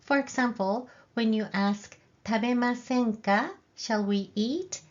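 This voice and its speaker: A woman's voice: on the high side, slow, muffled recording. A woman teaching a video language lesson. She explains grammar step by step and models example phrases with a rising question tone for learners to repeat. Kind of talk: slow, clear video lesson.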